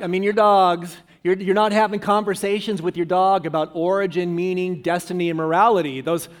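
A pastor delivers a sermon in a man's voice pitched higher than most. He preaches with emphasis and repeats key lines for weight.

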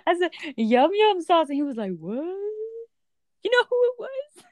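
A woman's voice: very high-pitched, unhurried, no echo. A woman in casual chat with a friend, telling stories animatedly and acting out what people said. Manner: animated storyteller acting out texts. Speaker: friend chatting.

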